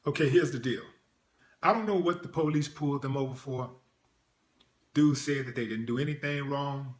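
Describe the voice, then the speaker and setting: A man's voice: mid-range voice, moderate pace, reverberant. A man giving blunt, sarcastic reaction commentary on a video. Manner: blunt, sarcastic, mocking impressions.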